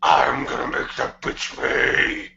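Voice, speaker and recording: A man's voice: mid-range voice, big pitch swings, slow pace, creaky, sharp tone, voice pushed down, heavily acted. A man voicing an angsty, bitter male teen hedgehog in a gritted-teeth throat scream for a comedy podcast reading. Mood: menacing. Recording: echoey, dull lo-fi, noisy.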